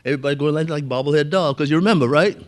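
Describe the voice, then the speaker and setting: An older man from Brooklyn, New York, gives a keynote storytelling speech, sharing folksy anecdotes and chuckling with the audience. He speaks very fast in a slightly high voice.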